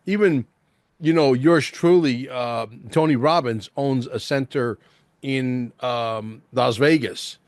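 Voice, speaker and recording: A male host in casual interview chat, excitable and rambling, peppering his talk with "bro" and "like". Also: medium pitch, takes it slowly, no echo, clean studio sound.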